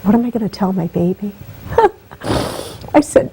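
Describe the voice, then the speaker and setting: A woman's voice: mid-range voice, big pitch swings, unhurried, gravelly, very noisy. A woman guest telling an emotional personal story, her voice rising and catching with feeling. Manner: heartfelt, voice rising and breaking with emotion.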